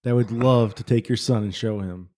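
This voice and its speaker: A man's voice: mid-range voice, moderate pace, mellow. A married man in casual podcast chat, blunt and swearing. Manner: blunt, swears, laughs at himself.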